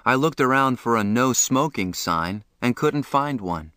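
A man narrating a novel in the first person, reading in a measured, plain way. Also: medium pitch, animated, sharp tone, dry recording, studio quality. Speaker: audiobook narrator.

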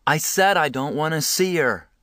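A man's voice: fairly high pitch, expressive, measured pace, a bit bright, no room sound, clean studio sound, pitched above the performer's own voice. A man voicing a scared, badly hurt teenage boy who speaks in a shaky, pleading voice that breaks. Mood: bitter.

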